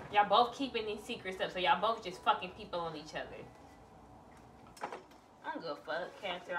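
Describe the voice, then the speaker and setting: A woman's voice: mid-range voice, fairly bright tone, distant mic, slight background noise. A woman doing a casual tarot reading, blunt and exclamatory, swearing freely as she lays out cards. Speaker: tarot reader.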